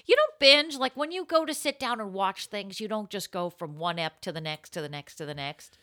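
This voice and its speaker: Speaking fairly quickly at medium pitch, a woman co-hosts a comedy podcast, mixing jokes with showy announcer-style ad plugs in an animated, playful way. There is no room sound on the recording.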